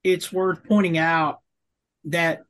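A man, a surgeon guest in an interview, answering in a measured, matter-of-fact way. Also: a little high, level tone, a bit bright. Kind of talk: conversational interview.

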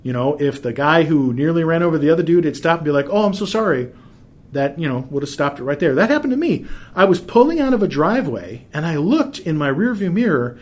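A man's voice: fairly high pitch, big pitch swings, quick pace. A middle-aged man giving practical advice in a casual, conversational way, often restarting sentences and using fillers. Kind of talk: casual explanatory talk with anecdotes.

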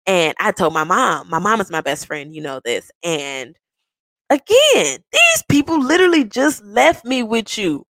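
Animated young woman telling a story. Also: normal speed, no room sound. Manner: animated, laughing, swings into high excited bursts; casual, swears freely. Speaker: podcast host. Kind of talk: casual personal storytelling.

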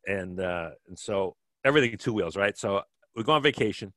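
A man's voice: fairly low pitch, expressive, a little fast, pushed and bright, no room sound. A man in his fifties from Kenosha, Wisconsin, telling stories as an interview guest in a rambling way with many restarts. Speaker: guest, former track cyclist. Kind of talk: relaxed storytelling interview.

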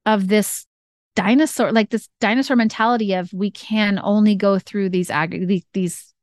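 A woman author chatting lively as a podcast guest, quickly acting out little quotes as she talks. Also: mid-range voice, no echo. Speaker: guest, indie author and ad strategist. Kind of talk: casual podcast interview chat.

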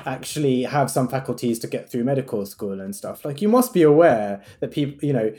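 A man's voice: medium pitch, expressive, brisk, warm tone. A man, a doctor, chatting casually and reflectively with many filler words. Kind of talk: casual podcast chat.

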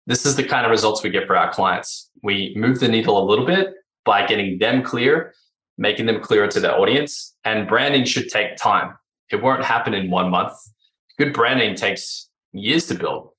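A man's voice: on the low side, moderate pace, sharp tone, echoey room, low-quality recording. A man, a branding agency founder, explaining his ideas energetically in a podcast interview, asking rhetorical questions and acting out what clients say.

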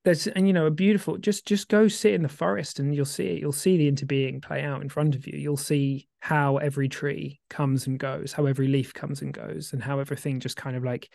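A man co-hosting a casual podcast, rambling with many restarts and getting excitable when he warms to a point. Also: on the high side, brisk, vocal fry, hardly any pauses, no echo, studio quality. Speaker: podcast co-host.

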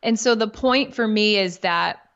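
A woman's voice: medium pitch, a little slow, a bit bright. A woman in her thirties, a podcast guest, telling a personal story in a candid, emotional way and swearing casually. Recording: dull lo-fi audio.

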